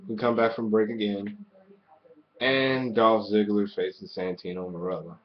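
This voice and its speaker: A man giving a casual, profanity-heavy wrestling show review, ranting excitably and swearing constantly. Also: on the low side, lo-fi sound.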